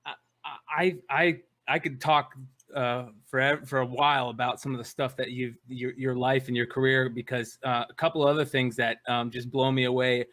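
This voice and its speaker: A man hosting a podcast interview, asking questions haltingly with restarts and fillers. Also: medium pitch, level tone, fairly bright tone. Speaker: podcast host. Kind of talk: casual interview.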